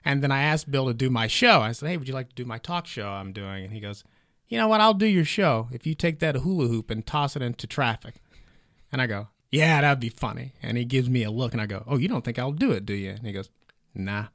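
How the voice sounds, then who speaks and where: A man who is a stand-up comedian, a guest telling relaxed stories in a casual chat. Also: mid-range voice, a little fast, no room sound, clean studio sound. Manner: relaxed anecdotal storyteller, acts out quotes.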